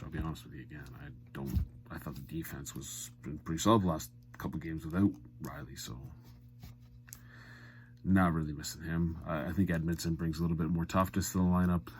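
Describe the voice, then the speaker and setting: A man giving a blunt, exasperated hockey recap rant, swinging from muttered asides to loud outbursts. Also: deep voice, breathy edge. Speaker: sports commentary vlogger.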